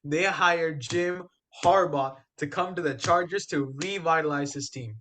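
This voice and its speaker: A young man co-hosting a podcast, talking sports in an animated, emphatic, trash-talking way. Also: fairly high pitch, unhurried, slight background noise. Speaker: podcast co-host. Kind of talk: casual sports chat.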